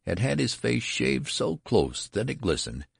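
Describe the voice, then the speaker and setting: A man reading a story aloud in a gravelly voice and acting out the dialogue. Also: mid-range voice, very animated, measured pace, no room sound, clean studio sound. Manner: acts out the dialogue. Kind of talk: audiobook narration.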